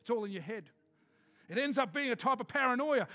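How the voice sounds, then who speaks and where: A man preaching a sermon, emphatic, switching between quick asides and slow, loud declarations. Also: very high voice, animated, dry recording.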